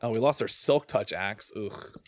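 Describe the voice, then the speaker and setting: Streaming a video game, a man with a lowish voice talks to himself and his chat a little slowly, groaning and sighing over what he has lost. It's casual livestream commentary.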